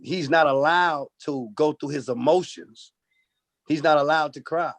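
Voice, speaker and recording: Animated comedian man, higher voice. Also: unhurried. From Oakland, California. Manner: animated storytelling, acts out voices, profane. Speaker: comedian guest. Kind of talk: casual podcast interview.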